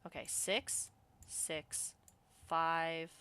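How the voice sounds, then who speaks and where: A woman streaming a game, excitable and swearing freely, muttering card counts and reading the story text aloud. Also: deep voice, extremely slow, clean tone.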